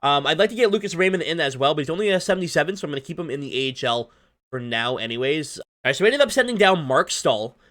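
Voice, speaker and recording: A man talking casually over a hockey video game, chatty and self-deprecating, his voice a bit hoarse from long recording. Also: a little high, animated, fast talker, a bit bright. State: losing his voice, slightly hoarse. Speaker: gaming YouTuber. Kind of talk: casual gameplay commentary. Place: at his desk at home.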